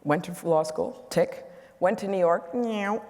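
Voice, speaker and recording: A woman's voice: on the low side, moderate pace, gravelly, darkish tone. Candid woman in her 60s, echoey hall. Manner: candid, self-correcting, humorous storyteller. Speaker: guest speaker. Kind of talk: onstage conversation with anecdotes. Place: event hall.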